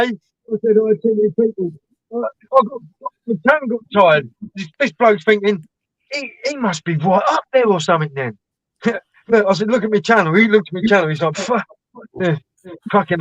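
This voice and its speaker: Male co-host, higher-voiced storyteller, lo-fi dry call audio. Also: expressive, a little fast, a bit bright, no room sound. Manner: rambling, laughing anecdotes with mimicked dialogue. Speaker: co-host of a live stream. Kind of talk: casual storytelling chat. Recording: dull lo-fi dry stream audio.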